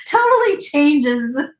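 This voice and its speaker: Woman, livestream co-host, giggly, very slow speech, slightly high voice. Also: very animated. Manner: giggly, laughing through her lines. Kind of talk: casual chat.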